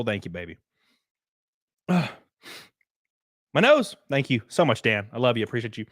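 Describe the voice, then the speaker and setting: A man hosting a livestream, chatting and ranting in a blunt, profane, animated way. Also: a little high, normal speed, pauses often, no room sound, studio quality. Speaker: livestream host. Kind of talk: casual livestream chat and rant.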